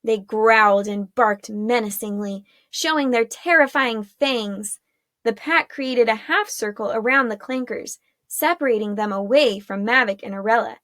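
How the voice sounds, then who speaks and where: A woman narrating a chapter of a fantasy story in a steady storytelling manner. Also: on the high side, a little slow, no echo, clean studio sound. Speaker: audiobook narrator. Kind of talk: scripted narration.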